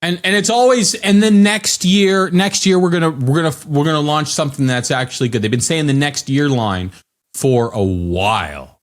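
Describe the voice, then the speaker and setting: A man co-hosting a podcast in casual chat, animated and laughing often as he jokes. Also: a little high, moderate pace. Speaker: podcast co-host.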